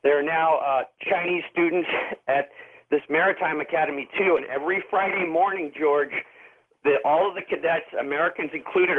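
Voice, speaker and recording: Earnest caller on a tinny phone line. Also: male voice, fairly high pitch, moderate pace. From Boston area. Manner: earnest, hesitant, many fillers. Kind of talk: call-in radio.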